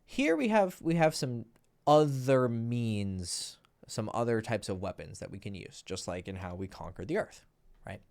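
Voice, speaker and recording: A young man gives dating advice in a loose, blunt monologue, swearing freely and checking in with "right?" after every point. His voice sits at an ordinary middle pitch but swings up and down a lot as he talks. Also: lively intonation, measured pace, creaky, a little mellow. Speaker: dating coach. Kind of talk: casual monologue to camera.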